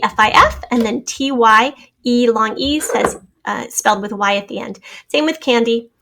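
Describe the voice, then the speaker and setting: A woman's voice: on the high side, creaky, a bit bright. A woman teacher giving a spelling test, then going through the answer key, patiently spelling words out letter by letter.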